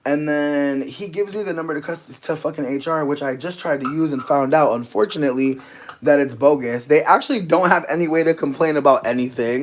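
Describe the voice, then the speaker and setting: In a candid storytime rant, this vlogger rambles emotionally to his viewers, swearing and using lots of fillers. His voice is fairly high and a little fast, with slight background noise behind it.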